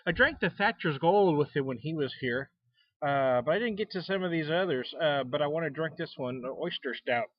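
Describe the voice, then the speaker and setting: A man's voice: fairly high pitch, animated, a little fast, dry recording, muffled recording. An American man hosting a casual beer tasting vlog, sitting out back and talking in a folksy, rambling way with frequent chuckles. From United States. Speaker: beer reviewer. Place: outdoors out back.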